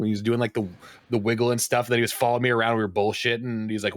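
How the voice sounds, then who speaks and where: A man's voice: fairly low pitch, little pitch movement, very fast, fairly bright tone, no echo. A man co-hosting a podcast, telling gaming stories in casual chat and swearing a lot. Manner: storytelling, swears a lot, acts out others' lines. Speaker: podcast co-host.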